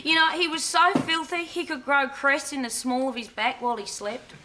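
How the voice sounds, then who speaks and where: An actress playing a cheeky barmaid with a dry, crude, mocking manner. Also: female voice, high-pitched, moderate pace, pushed and bright.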